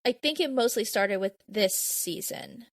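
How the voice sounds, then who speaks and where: A woman co-hosting a podcast, chatting casually about a TV episode in a relaxed, amused way. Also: medium pitch, measured pace, dry recording. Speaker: podcast co-host. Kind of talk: casual chat recapping a TV episode.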